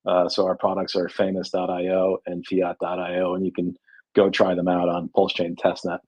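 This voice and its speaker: A man chatting casually in an online audio room, halting with lots of fillers, bantering easily. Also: sits low, monotone, a little mellow, slightly rough, highs cut off. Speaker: guest describing his DeFi project.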